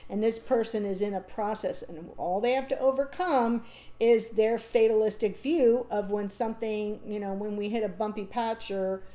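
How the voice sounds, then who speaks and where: A woman's voice: mid-range voice, steady tone, moderate pace, mellow. A woman reading tarot cards aloud in an unscripted monologue. She speaks in a thoughtful, reassuring way and thinks aloud with ums and restarts. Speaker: tarot reader.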